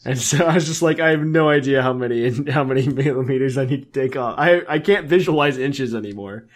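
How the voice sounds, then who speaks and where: Speaking a little fast in a medium-pitched voice, this podcast co-host chats casually, full of enthusiasm, wandering off track and leaning on lots of fillers.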